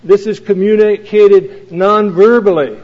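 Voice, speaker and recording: Male pastor, earnest measured sermon delivery, slightly high voice, old muffled recording with hall reverb. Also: a little mellow. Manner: earnest, measured preaching with slow emphatic phrases.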